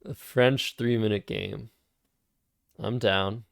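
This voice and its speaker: A man's voice: fairly low pitch, fairly even intonation, slow, gravelly, no room sound, clean studio sound. A man casually thinking aloud while playing word games on a live stream. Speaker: streamer and Scrabble player.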